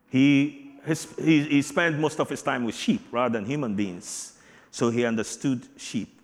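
A man preaching a sermon with emphatic, swinging delivery, booming declarations dropping to quiet asides. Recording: long hall reverb.

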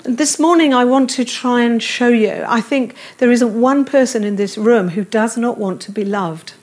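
A woman's voice: a little high, moderate pace, a little mellow. A middle-aged woman preaching a sermon in a church, earnest, with repeated affirmations and light self-deprecating humor. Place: church service room.

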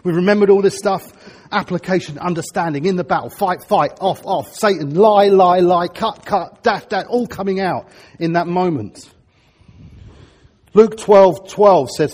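A middle-aged man preaching a sermon, telling stories in an animated way with sudden loud bursts. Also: high-pitched, measured pace, slightly rough.

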